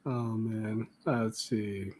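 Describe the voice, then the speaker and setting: A man hosting a casual art podcast, chatty and quick to laugh, often trailing off mid-sentence. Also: lowish voice, steady tone, a little mellow. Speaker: podcast host. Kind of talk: casual chat.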